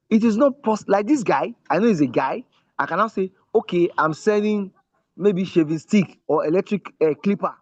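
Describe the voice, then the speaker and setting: Male instructor, slightly high pitch, emphatic and repetitive, dry lo-fi video-call sound. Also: dry recording. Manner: repetitive, checks in with listeners often; emphatic teaching tone. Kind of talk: online class with screen share.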